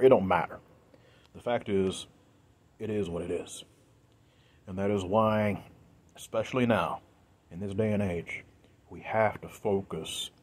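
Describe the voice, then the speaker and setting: Low-voiced husky man, earnest preachy video monologue, emotional and insistent. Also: a little mellow. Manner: emphatic, preachy, repeats himself. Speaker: video creator.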